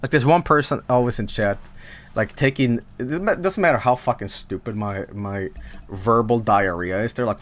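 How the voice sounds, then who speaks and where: A man's voice: medium pitch, normal speed. A man streaming from home, chatting casually to his viewers in a rambling, stammering way that keeps interrupting itself. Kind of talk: casual live-stream chat.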